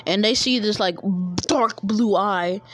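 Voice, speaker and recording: A woman's voice: mid-range voice, takes it slowly, a bit bright. Rambling slangy woman telling a story. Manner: rambling and slangy, many fillers. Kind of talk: casual fan-fiction storytelling.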